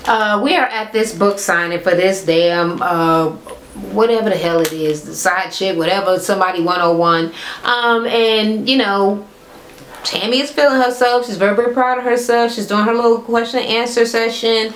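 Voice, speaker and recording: A woman's voice: medium pitch, normal speed, a little hiss or hum. Blunt, profane woman recapping in an echoey room. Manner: blunt, profane, gossipy and sarcastic. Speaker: reality TV recap vlogger. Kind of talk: casual rant recapping a reality show. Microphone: camera mic.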